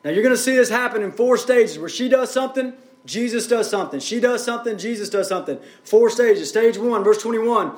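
A man's voice: extremely high pitch, brisk, hardly any pauses, roomy sound. A man preaching a sermon as pastor, building up and easing off in intensity. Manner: preaching with rising and falling intensity.

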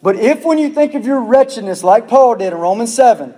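High-voiced pleading preacher in a hall. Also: male voice, lively intonation, fairly quick, warm tone. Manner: earnest pleading preaching, repeats phrases. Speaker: pastor. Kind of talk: sermon. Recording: long reverb of a hall.

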